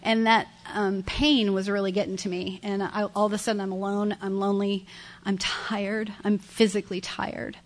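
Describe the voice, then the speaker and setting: A middle-aged woman tells her recovery story to a room full of listeners. Her talk is candid and conversational, circling back on phrases and breaking into soft laughs, at a middle pitch. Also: level tone, normal speed. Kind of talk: personal testimony at a recovery meeting. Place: meeting room with an audience.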